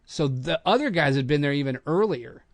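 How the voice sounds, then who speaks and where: Animated storytelling man, dry sound. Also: a little high, fairly quick, no echo. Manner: animated anecdote-telling, acts out quotes. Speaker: podcast host, voice actor. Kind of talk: casual storytelling chat.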